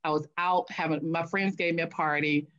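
A woman with a low voice, speaking at normal speed, is an author appearing as an interview guest and telling stories animatedly, acting out what she and others said, including her own past voice. The highs in the recording are cut off.

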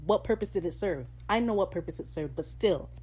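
A young woman hosting a casual podcast recap, talking on her own with a fairly low, dark, mellow tone. She gushes, swears and breaks into sudden excited outbursts, then settles back into chatty commentary. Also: fairly quick, a little hiss or hum. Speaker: podcast host.

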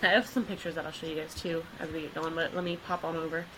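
A woman co-hosting a podcast, telling a case in a chatty, relaxed way with easy laughs and fillers. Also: low-pitched, fast, over a noisy crowd, poor audio. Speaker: podcast co-host. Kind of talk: casual chat, telling a case.

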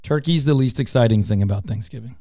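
A man's voice: medium pitch, quick pace, dark tone, no echo. A middle-aged man hosting a radio show, chatting playfully and teasing his co-host in the studio. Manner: playful, teasing and self-mocking. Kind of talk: casual studio banter.

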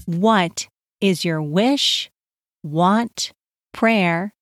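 A woman hosting a children's podcast, leading a slow, soothing breathing and movement exercise with sing-song chanting. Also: lowish voice, no echo, clean studio sound, faint music behind. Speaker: podcast host guiding parent and child. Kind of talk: guided calm-down exercise for kids.

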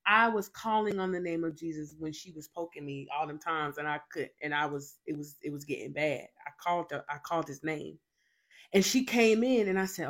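Lower-voiced woman telling a dramatic testimony. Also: moderate pace. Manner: dramatic storytelling with emphatic repetition. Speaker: faith show host. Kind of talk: personal testimony.

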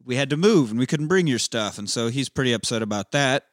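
Guy rambling thru a movie recap, swears a lot, mid pitch, dry close sound. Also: lively intonation, fast talker, no echo. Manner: laid-back rambling storytelling, swears freely, acts out lines. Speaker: podcast co-host. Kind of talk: casual movie recap chat.

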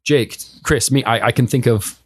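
A man's voice: medium pitch, normal speed, breathy edge, no room sound. A man co-hosting a podcast, rambling and enthusiastic in casual chat with friends. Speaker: podcast co-host.

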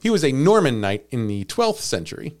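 A man's voice: mid-range voice, very animated, brisk. A man hosting a comedy podcast, telling a story in playful casual chat and laughing often. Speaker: podcast host.

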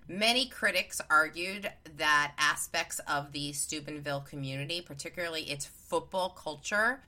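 A woman co-hosts a podcast and reads the background of a case from her notes in a bright, clear tone. Her voice sits slightly low. She breaks off into casual asides and corrects herself as she goes. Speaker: podcast co-host.

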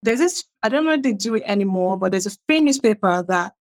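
A middle-aged Nigerian woman, a writer, tells her own story in a fast, expressive, medium-pitched voice. When she quotes other people, she acts them out in a raised, livelier tone, keeping the storytelling animated.

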